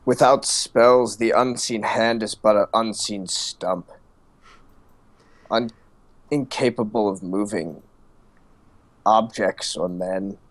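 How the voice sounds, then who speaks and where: A man voicing a young male magister who has lost his magic, speaking slowly in a subdued, doubting way. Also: on the low side, no room sound. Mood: despairing.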